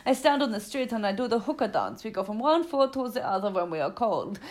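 A woman's voice: a little high, animated, brisk, a little mellow, natural voice. A British woman putting on an exaggerated mock German accent, playing a cheerful, chatty woman from Hamburg. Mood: cheery boasting. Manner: exaggerated comic accent, singsong and boastful.

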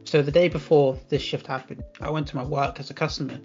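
Hesitant young man, slightly high voice. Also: quick pace, highs cut off, faint music behind. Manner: relaxed, hesitant, many ums. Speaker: podcast co-host. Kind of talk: casual chat.

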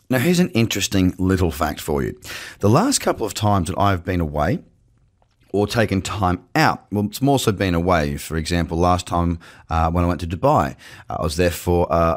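Aussie guy doing his crypto show from his desk, low voice, swings up and down a lot, chatty and jokey. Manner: chatty, animated, jokey asides. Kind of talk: casual market commentary to camera. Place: home office with screens. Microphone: webcam setup.

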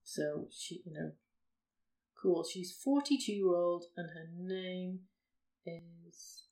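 A woman's voice: fairly low pitch, lively intonation, slow, warm tone. A woman, co-hosting a casual podcast chat and explaining a routine step by step. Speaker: podcast co-host.

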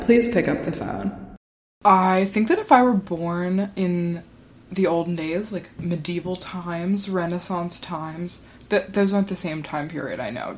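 A woman hosting a solo podcast, talking in a chatty, rambling way with lots of "like" fillers. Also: fairly low pitch. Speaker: podcast host. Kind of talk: casual solo monologue.

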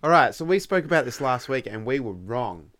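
A man's voice: mid-range voice, sing-song, fairly quick, fairly bright tone, dry recording. A man co-hosting a podcast, wryly reading trivia facts in casual chat. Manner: wry, reads trivia aloud. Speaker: podcast co-host. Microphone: studio microphone.

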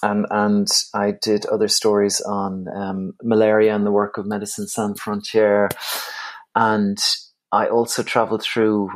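Irish man in his forties, rambling storyteller. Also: lowish voice. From Ireland. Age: 40s. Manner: animated, rambling with many restarts and laughs. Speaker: guest travel writer. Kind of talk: conversational storytelling.

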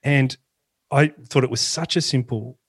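A man's voice: mid-range voice, a little slow, breathy edge. Male host, enthusiastic, detailed question, podcast interview.

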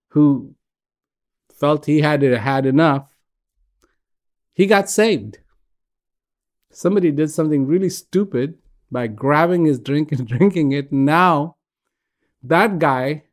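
On a regular broadcast, a man whose voice is a little high delivers a reflective spiritual talk. He speaks gently and haltingly, in short phrases separated by pauses.

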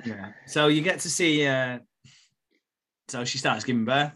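A man with a bright voice, chatting loosely on a podcast. He retells the plot of a show with frequent laughs and a relaxed, joking delivery. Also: medium pitch, measured pace. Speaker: podcast co-host recapping a TV episode. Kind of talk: casual chat.

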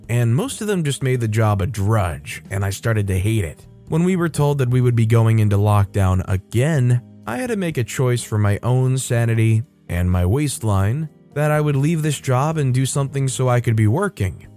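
A man's voice: mid-range voice, dark tone. Man narrating stories over faint music. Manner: conversational, addresses the audience. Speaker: host narrator. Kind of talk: scripted story narration.

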